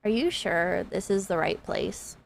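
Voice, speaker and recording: A woman putting on the voice of an odd woman driver, speaking slowly and flatly in a lower voice than her own. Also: gravelly, a little hiss or hum. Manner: slow, low, flat delivery. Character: odd, slow-talking woman driver, flat and dazed.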